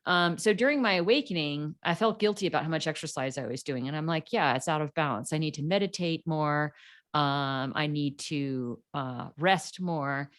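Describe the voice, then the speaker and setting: A podcast guest with a lower-pitched female voice tells her story at a normal speed in a casual interview. She's an animated storyteller who acts out the voices she quotes.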